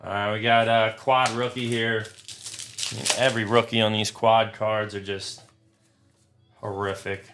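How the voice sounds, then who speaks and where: A man's voice: lowish voice, level tone, measured pace, pauses often, a bit bright, slight background noise. A young man hosting a live trading card break, talking to his chat, frustrated and swearing often. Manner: profane, frustrated, talks to chat.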